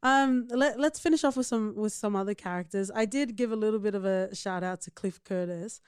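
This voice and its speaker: A woman's voice: medium pitch, a little fast, a little mellow, clear, resonant tone, no echo, clean studio sound. A woman co-hosting a podcast in casual chat, full of playful, teasing banter. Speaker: podcast co-host.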